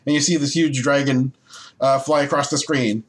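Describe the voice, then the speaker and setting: A man's voice: mid-range voice, moderate pace. A man co-hosting a casual podcast, retelling a video game quest with lots of fillers and laughs. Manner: animated storytelling with laughs and fillers. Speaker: podcast co-host. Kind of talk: casual chat about video games.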